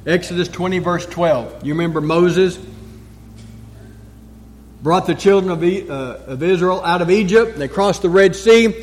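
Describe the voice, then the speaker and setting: A man preaching a sermon as a pastor. He is emphatic, repeats key phrases and pauses for effect. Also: fairly high pitch. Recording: long church reverb.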